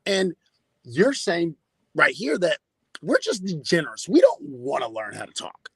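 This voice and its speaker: Male podcast host, high and raspy, swearing hard, dry close sound. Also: huge pitch swings, normal speed, a bit bright, dry recording. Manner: profane, emphatic ranting. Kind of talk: casual podcast commentary.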